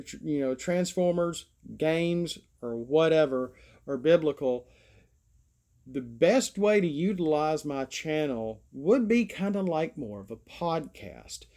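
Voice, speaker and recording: A man's voice: fairly high pitch, animated, slow, dark tone. Rambling Southern man from Alabama. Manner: meandering, folksy, self-deprecating. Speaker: vlogger. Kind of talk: rambling casual monologue.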